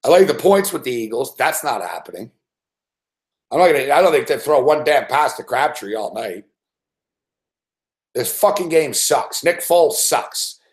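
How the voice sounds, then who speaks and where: A man's voice: mid-range voice, sing-song, normal speed, long pauses. A man giving a live sports betting rant, profane and exasperated.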